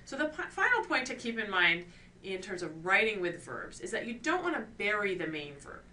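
Bright-voiced woman lecturing, mic at a distance. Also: mid-range voice, big pitch swings, fairly quick. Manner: clear, explanatory teaching with rhetorical questions. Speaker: course instructor. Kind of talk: recorded lecture on scientific writing. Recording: distant mic with faint ambient noise.

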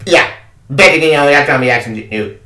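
A man's voice: medium pitch, quick pace, far from the mic, background noise. A man ranting about a game he reviews, exasperated and swearing, often repeating himself. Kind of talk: angry review rant. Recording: echoey room, away from the mic.

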